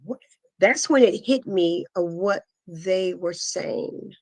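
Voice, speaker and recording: A middle-aged woman giving a guest interview, telling a painful personal story in an earnest, halting way full of pauses and fillers. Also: on the low side, a little mellow, dry recording. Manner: earnest, intense retelling. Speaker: guest, asthma foundation founder. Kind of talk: emotional personal testimony.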